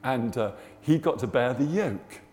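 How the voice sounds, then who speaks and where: A man preaching, telling a testimony in an animated way and acting out the people in it. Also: medium pitch, measured pace, long reverb tail. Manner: animated, acts out the people in his story. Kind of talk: sermon storytelling.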